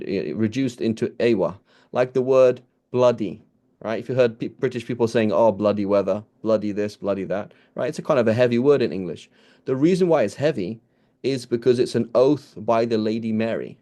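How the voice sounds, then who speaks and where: A man's voice: medium pitch, dark tone. A man giving an informal lesson on scripture, talking conversationally with frequent restarts and checks with his listeners, quoting Arabic phrases. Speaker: teacher.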